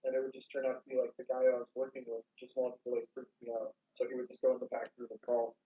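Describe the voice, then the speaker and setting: A young man, co-host of a casual podcast, rambling through lively work anecdotes. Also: mid-range voice, fast. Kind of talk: casual chat. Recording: dull lo-fi mic.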